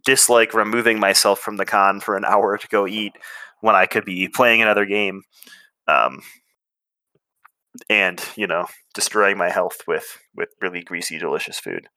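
A man co-hosts a podcast in a relaxed, chatty way, with a few fillers. His voice sits somewhat low but sounds bright and forceful. The recording is dry and close. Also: moderate pace, no echo. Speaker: podcast co-host. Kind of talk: casual chat.

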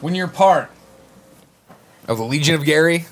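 A man in his thirties co-hosting a comedy chat, telling profane stories with big animated delivery. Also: on the high side, moderate pace, a little hiss or hum. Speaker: co-host. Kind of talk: loose comedic banter.

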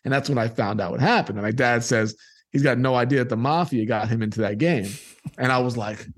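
A man's voice: mid-range voice, a little fast. Man telling a childhood story. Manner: animated storyteller acting out voices of people in his story. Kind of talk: personal storytelling.

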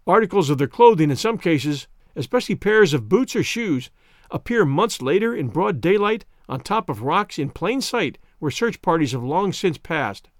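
A man's voice: on the high side, big pitch swings, normal speed, dry recording, clean studio sound. A man hosting a podcast, giving a scripted sign-off with thanks to listeners in an upbeat announcer manner. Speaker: podcast host.

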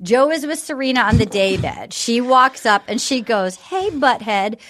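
Brief: female podcast host, very high voice, chatty episode recapper. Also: lively intonation, moderate pace, background noise. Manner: chatty, reads out quotes from the episode. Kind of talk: casual recap chat.

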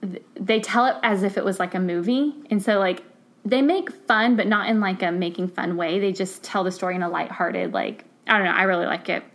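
A woman who works as a teacher, chatting casually on a podcast and telling classroom stories with lively acted-out quotes. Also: mid-range voice, brisk. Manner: animated storyteller, acts out voices in quotes. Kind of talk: casual chat, storytelling.

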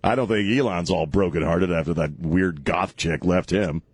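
A man's voice: low voice, moderate pace, breathy edge, no echo. A middle-aged man with a Texan accent hosting a radio talk show, rambling and joking with a co-host. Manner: rambling, jokey, laughs often. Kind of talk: casual on-air banter. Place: radio studio.

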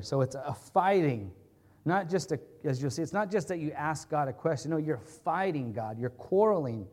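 A man's voice: fairly high pitch, animated, normal speed, darkish tone. A man preaching an expository sermon in a conversational, earnest way, often checking in with his listeners and restating his points. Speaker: pastor.

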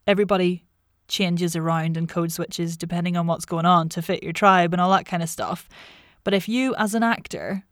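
A woman's voice: fairly low pitch, dry recording, studio quality. A woman accent coach with a Northern Irish accent, chatting with anecdotes. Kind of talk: casual interview talk.

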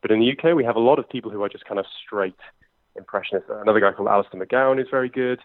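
A young comedian with a London accent talks quickly and loosely, with plenty of fillers. His voice sits fairly low. The sound is thin and dry, like a phone call. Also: no echo. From England. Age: 20s. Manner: quick, chatty, lots of fillers. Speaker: impressionist and comedian. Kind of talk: conversational interview. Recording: tinny phone line, dry.

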